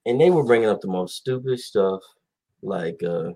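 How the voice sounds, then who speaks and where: A man's voice: lowish voice, animated, moderate pace, warm tone. A man hosting a casual talk show, rambling animatedly with many fillers and acted-out quotes. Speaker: podcast host. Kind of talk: casual chat about basketball.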